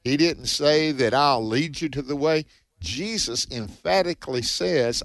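A man's voice: a little high, unhurried, a bit bright, dry recording. Emphatic male radio Bible host. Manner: emphatic, repeats words when starting phrases.

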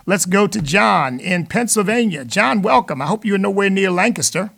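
Male call-in radio host, fairly high-pitched and gravelly, preaching with emphatic peaks. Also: animated, normal speed, fairly bright tone. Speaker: radio talk show host.

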